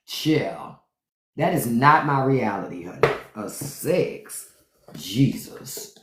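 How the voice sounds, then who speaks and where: A deep-voiced woman tells stories to her live-stream audience in a loose, profane monologue, jumping into other people's voices as she goes. Her pitch climbs and drops all over the place. The sound carries a roomy echo. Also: animated, slow pace, pauses often, fairly bright tone, a little hiss or hum. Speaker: podcast host on a live stream. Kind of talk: unfiltered comedic storytelling monologue.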